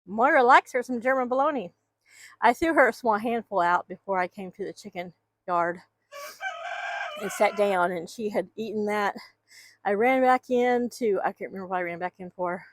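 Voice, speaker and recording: A woman's voice: mid-range voice, normal speed, no echo. A woman keeping backyard chickens, chatting casually and rambling while she talks to her hens outdoors on a microphone. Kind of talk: casual vlog chat.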